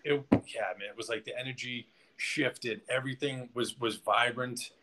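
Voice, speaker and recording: A man's voice: medium pitch, steady tone, normal speed, sharp tone. A man, a podcast guest, telling a personal story in casual conversation, rambling with many restarts and "like"s.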